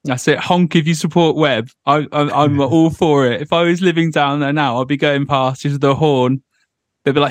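A man hosting a casual football podcast, teasing his co-hosts with steady banter. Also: fairly high pitch, normal speed, no room sound. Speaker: podcast host. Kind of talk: casual chat.

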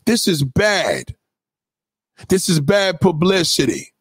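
A man's voice: high-pitched, wildly swooping pitch, takes it slowly, breathy edge, no room sound. A man giving a profane, aggressive, taunting ranting commentary into a close mic. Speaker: online commentator.

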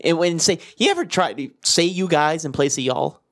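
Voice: medium pitch, animated, moderate pace. A podcast co-host from Louisiana telling laid-back stories in casual banter, cursing casually.

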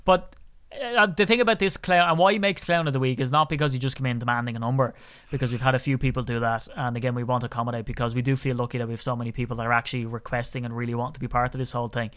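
A man's voice: mid-range voice, steady tone, rapid-fire, a bit bright. An Irish man hosting a podcast in casual chat, talking in a chatty, ranting way that gets worked up. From Ireland. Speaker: podcast host.

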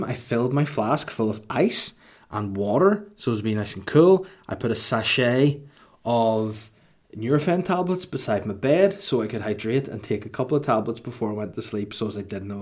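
A man's voice: mid-range voice, a little mellow. A man hosting a comedy podcast alone, rambling and self-mocking as he jokes. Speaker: podcast host. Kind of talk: comic solo podcast monologue.

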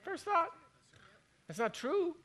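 Folksy joking preacher, high and bright. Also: male voice, very animated, slow. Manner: folksy, joking, acts out inner voices. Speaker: pastor. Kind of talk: conversational sermon.

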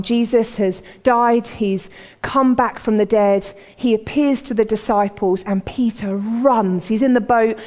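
In a long, reverberant hall, a woman preacher tells stories conversationally during her sermon and gives voice to their characters. She has a mid-range voice with a somewhat dark tone.

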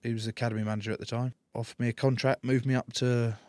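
A man's voice: mid-range voice, flat delivery, quick pace, darkish tone, no room sound. An English man with a mid-range voice talks as an interview guest, loose and joking, dropping the odd swear word. The sound is dry and close, with no room ring at all. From England. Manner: laid-back, swearing, joking storyteller. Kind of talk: casual interview chat.

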